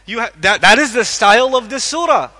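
A man giving an animated religious lecture to a live audience, questioning listeners and acting out quotes. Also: very high-pitched, fairly quick. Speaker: Islamic lecturer. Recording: echoey hall.

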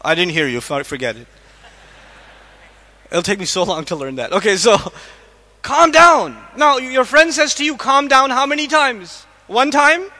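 High, bright-voiced male lecturer in a hall. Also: normal speed. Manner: animated, acts out quotes, asks the audience questions. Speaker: Islamic lecturer. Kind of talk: lecture to a live audience. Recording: echoey hall.

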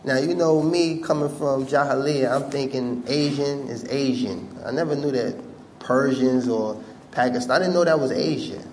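A man's voice: medium pitch, normal speed, a little hiss or hum. A man telling a humorous story to an audience, talking conversationally with many fillers and acting out other people's voices. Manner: animated, humorous, acts out quoted voices. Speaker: speaker addressing an audience. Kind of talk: storytelling talk.

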